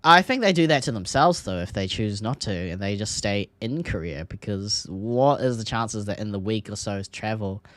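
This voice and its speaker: An Australian man chats on an esports podcast, excitable and quick to laugh, his voice jumping up in pitch when a play grabs him. The sound is dry and close, with no room around it. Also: dry recording. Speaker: podcast co-host. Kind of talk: casual esports podcast chat.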